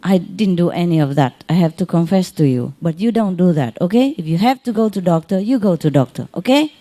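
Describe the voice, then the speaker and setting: Woman spiritual teacher, soft consoling talk, mellow low voice, halting non-native english. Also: lively intonation. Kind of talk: informal spiritual talk to followers.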